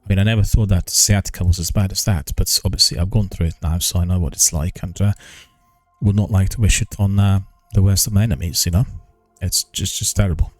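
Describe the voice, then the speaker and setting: Older male streamer, deep voice, halting formal delivery, dry close sound. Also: steady tone, darkish tone, dry recording, soft background music. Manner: slow, halting, many ums and restarts; careful, formal enunciation. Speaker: gaming news streamer. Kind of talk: casual live-stream chat.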